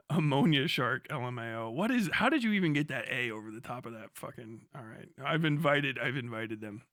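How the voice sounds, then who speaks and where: Bright, excitable, profane young man. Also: medium pitch, fairly quick, no room sound, studio quality. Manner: profane, excitable, laughs often, jumps from topic to topic. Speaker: livestreamer. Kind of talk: casual rant to a live chat.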